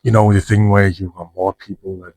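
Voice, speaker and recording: Here a man with a deep, level, slightly mellow voice speaks fairly quickly over poor audio. As a vlogger addressing the camera, he rambles frankly and profanely about his life, with many restarts.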